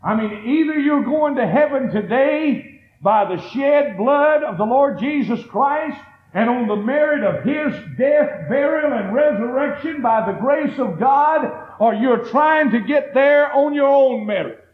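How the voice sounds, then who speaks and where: An older man preaching a sermon in a folksy manner, building to shouted emphasis. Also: very high-pitched, lively intonation, measured pace. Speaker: pastor. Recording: dull lo-fi archive recording.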